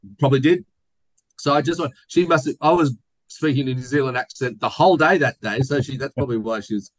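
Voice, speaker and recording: A man's voice: medium pitch, quick pace, no room sound, poor audio. A man co-hosting a podcast, chatting casually and joking while reading listener mail aloud. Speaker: podcast co-host. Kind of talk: casual chat.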